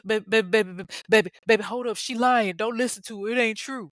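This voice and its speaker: A woman voicing a man breaking off an affair in a hushed, hesitant tone. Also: on the low side, a little fast, no room sound, studio quality, lightly acted. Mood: apologetic. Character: young adult man, pleading boyfriend, soft and sheepish.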